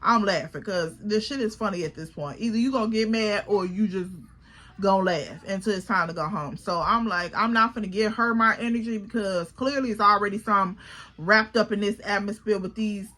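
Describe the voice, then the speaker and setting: A woman telling a storytime to her viewers in an animated, slangy way, talking to them directly. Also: medium pitch, normal speed. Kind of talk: casual storytime.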